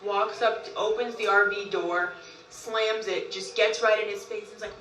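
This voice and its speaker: A woman recounts events in a loose, casual way, breaking into laughter and acting out the voices of others. Her voice sits at a middle pitch. It sounds roomy and a bit distant from the mic. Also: moderate pace. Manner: animated, laughing often, acts out quotes. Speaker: group member recounting events. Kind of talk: casual storytelling.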